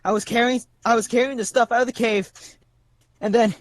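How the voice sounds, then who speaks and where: A man's voice: extremely high pitch, fairly even intonation, fairly quick, pitched above the performer's own voice. A man voicing a panicked young human shade, a dead man lost in darkness, pleading and stammering. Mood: desperate.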